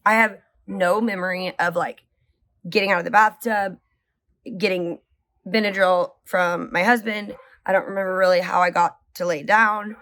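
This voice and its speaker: A woman vlogger telling a story to camera in a casual, rambling way, full of "like" fillers and swings in pace. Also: mid-range voice. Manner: animated, rambling, heavy use of "like"; speeds up and slows down often.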